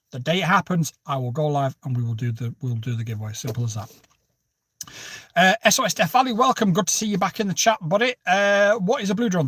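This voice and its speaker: A livestream host with a fairly high-pitched voice chats and jokes while answering viewers' comments, hopping between topics and greeting people by name. The studio sound is clean with no echo.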